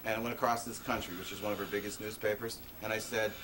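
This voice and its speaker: A man's voice: on the low side, steady tone, quick pace. A man giving an impassioned public talk, telling his own story in an emphatic, conversational way with sudden rises in his voice. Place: presentation venue before an audience. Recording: distant mic with faint noise, 1980s video.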